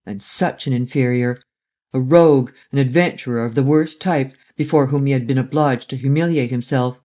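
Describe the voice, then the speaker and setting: A man narrating a classic adventure novel in a steady, even storytelling manner. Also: mid-range voice, moderate pace. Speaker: audiobook narrator. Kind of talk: scripted narration.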